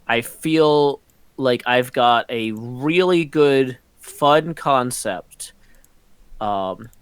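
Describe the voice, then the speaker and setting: Speaking through a computer mic on a voice call, a middle-aged man hosts a community meeting in loose, casual chat, rambling, um-ing often and laughing now and then. His mid-range voice is smooth. There's no echo.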